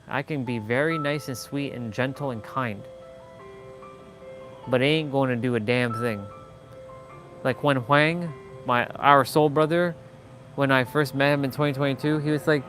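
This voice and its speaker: Male livestream host, mid pitch, blunt and rambling, casual motivational talk over faint music. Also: normal speed, a bit bright. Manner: rambling, blunt, lots of "like" and restarts. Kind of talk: casual live-stream monologue.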